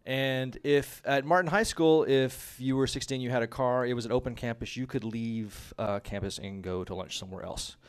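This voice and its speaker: A man from Texas, calmly setting the scene for a funny personal story. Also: mid-range voice, moderate pace, few pauses, clean tone.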